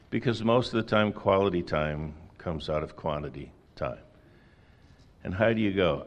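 A man's voice: low-pitched, expressive, normal speed. A middle-aged man preaching a sermon in a conversational way, with folksy asides and rhetorical questions. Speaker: pastor.

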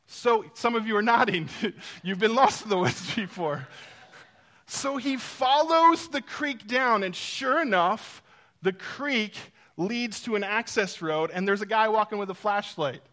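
A man preaching with a high, bright voice. He tells stories and talks straight to the congregation with asides. At times he drops to a near hush, and at times he pushes hard for emphasis. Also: animated, a little slow. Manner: storytelling, swings between loud emphasis and hushed intimacy; speaks to the congregation directly, with asides. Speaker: pastor. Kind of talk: sermon.

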